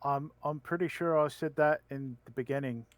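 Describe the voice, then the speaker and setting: A man playing a tabletop game, wry and deliberate in how he speaks. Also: fairly high pitch, dry recording, rough recording. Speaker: player.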